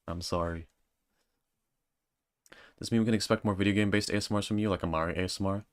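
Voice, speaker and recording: A man's voice: low-pitched, steady tone, fast talker, long pauses, clear, resonant tone, no echo, clean studio sound. A man streaming and reading viewer comments in a joking, self-mocking casual chat.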